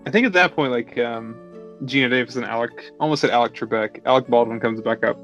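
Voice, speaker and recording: A man's voice: medium pitch, quick pace, lo-fi sound. Man, podcast co-host, easygoing talker, film chat, faint music. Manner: relaxed, talks with many "like" fillers. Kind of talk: casual film review chat over beers.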